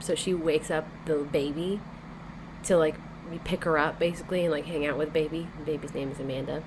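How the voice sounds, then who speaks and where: Low-voiced woman recapping a book. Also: fairly even intonation, quick pace, noisy background. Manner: chatty, loose retelling full of "like" and "you know". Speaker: podcast co-host. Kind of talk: casual book-club chat retelling a plot.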